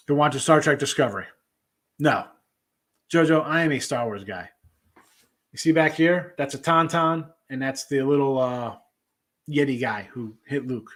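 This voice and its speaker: A man hosting a sports betting show, chatting loosely with viewers and jumping between topics. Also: mid-range voice. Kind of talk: casual livestream chat reading viewer comments.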